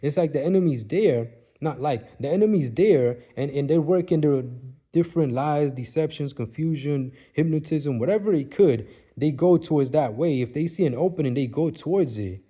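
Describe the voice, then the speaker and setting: A man's voice: fairly high pitch, expressive, moderate pace, warm tone. A man talking in a casual, rambling monologue, repeating himself and often asking if the listener follows. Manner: rambling, repetitive, keeps asking "you see what I mean". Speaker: vlogger.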